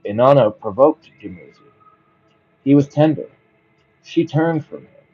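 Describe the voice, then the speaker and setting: A man's voice: medium pitch, expressive, slightly rough, lo-fi sound, faint music behind. A man reading a bedtime story aloud, breaking off now and then to muse casually on it. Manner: reads slowly, breaks off into musing casual commentary.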